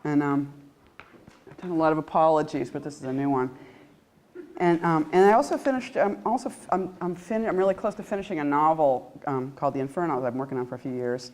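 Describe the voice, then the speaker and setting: Low-voiced woman reading poetry. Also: a little mellow. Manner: halting asides and self-deprecating laughs between poems. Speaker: poet giving a reading. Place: indoor reading room at an arts center. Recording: echoey room.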